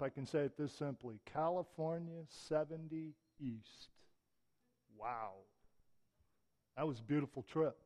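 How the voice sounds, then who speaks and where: A man's voice: medium pitch, darkish tone. A middle-aged man preacher giving a conversational sermon, mixing wry humor into his lesson.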